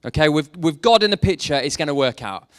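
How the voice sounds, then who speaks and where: A man's voice: fairly high pitch, expressive, brisk, dry recording, clean studio sound. A young man preaching a sermon, mixing faith talk with self-deprecating jokes about his past. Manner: jokey, self-deprecating storytelling. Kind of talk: sermon with personal stories.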